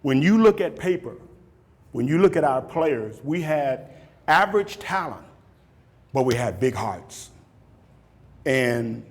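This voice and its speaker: A man in his fifties, a football coach, giving a motivational talk and taking questions, animated and repeating words for emphasis. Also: fairly high pitch. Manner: animated, acts out shouted quotes, laughs often. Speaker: football coach speaking at a camp.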